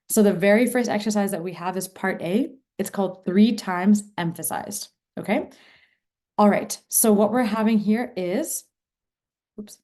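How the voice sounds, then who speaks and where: A woman's voice: mid-range voice, warm tone. A woman presenting an online mentorship workshop over a video call, talking with enthusiasm and emphasis.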